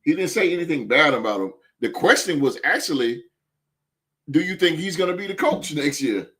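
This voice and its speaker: A man's voice: a little high, lively intonation, normal speed, a bit bright. A man hosting a sports podcast, talking emphatically with lots of stammered restarts. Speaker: podcast host. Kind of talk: casual sports talk.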